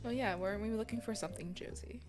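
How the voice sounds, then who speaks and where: A woman's voice: medium pitch, darkish tone, faint music behind. A woman playing a tabletop role-playing game, talking hesitantly while she decides what her character does. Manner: amused, hesitant, quick to laugh. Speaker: player.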